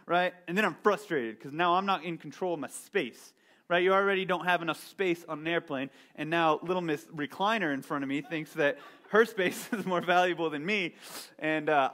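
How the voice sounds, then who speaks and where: Telling a story about himself in a casual, humble sermon, the pastor keeps asking "right?" His voice is a little high with a fairly bright tone.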